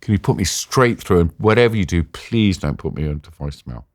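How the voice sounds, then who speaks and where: A man telling a tense personal story in a casual, animated way, acting out quotes. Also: low voice, brisk, no room sound, studio quality. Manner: animated, acts out quotes with swearing. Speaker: interview guest, former hostage.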